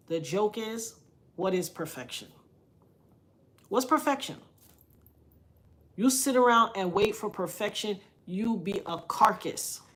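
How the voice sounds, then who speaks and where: A woman telling a personal story in casual talk, frank and colloquial, acting out the other people's voices as she goes. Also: medium pitch. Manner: animated, acts out quoted voices. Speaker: vlogger.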